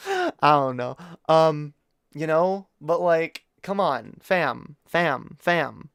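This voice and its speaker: A man's voice: fairly high pitch, very slow, gravelly, fairly bright tone, clear, resonant tone, dry recording, clean studio sound. A man talking to his chat on a live stream, rambling and opinionated, swearing casually among lots of fillers and restarts. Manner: earnest and opinionated, addresses chat directly.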